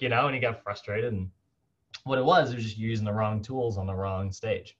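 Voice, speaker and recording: A man gives a relaxed fitness lecture in a mid-range voice, talking in a loose, chatty way and slipping into quick acted-out quotes. The recording sounds a little dull and lo-fi. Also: medium pitch. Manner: chatty, animated, laughs often, acts out quoted voices. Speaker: fitness instructor.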